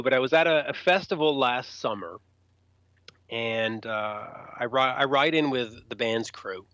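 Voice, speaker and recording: A man guest on a casual podcast, telling backstage stories in an animated way and acting out the people he quotes. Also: medium pitch, no room sound. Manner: animated, acts out quoted voices. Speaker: rock journalist guest. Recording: dull lo-fi podcast audio.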